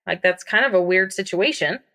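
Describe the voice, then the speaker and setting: A woman's voice: mid-range voice, brisk, pushed and bright. Candid young woman telling her story. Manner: casual, frequent "like" fillers, candid. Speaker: podcast guest. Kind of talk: personal storytelling.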